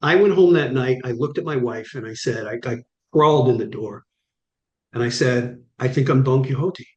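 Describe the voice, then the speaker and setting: A middle-aged man tells his stories with animated drive and acts out the lines of the people in them. His voice sits at an everyday pitch, and the room around him is roomy and echoey. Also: moderate pace, dull audio. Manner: vivid, acts out quoted dialogue. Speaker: guest. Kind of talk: animated storytelling.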